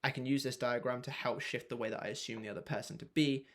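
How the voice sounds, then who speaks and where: A man's voice: medium pitch, fairly even intonation, fast. A man coaching viewers through a self-help method, asking rhetorical questions and sometimes swearing. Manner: frank, swears at times. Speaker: manifestation coach. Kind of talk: motivational self-help explainer.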